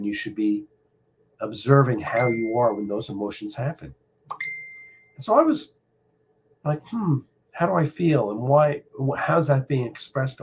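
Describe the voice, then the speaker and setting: A middle-aged man with a slightly husky voice hosts a live stream from his home. He speaks in a casual, personal, reflective way, pausing often with ums and restarts. His pitch sits in an ordinary middle range. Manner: reflective, personal, halting with many fillers. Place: home room.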